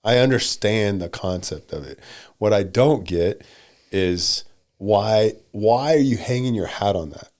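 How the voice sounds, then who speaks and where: A man co-hosting a marriage podcast, talking emphatically in casual chat with his wife and repeating short blunt commands. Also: on the low side. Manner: softens and slows when speaking to his wife. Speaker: podcast co-host.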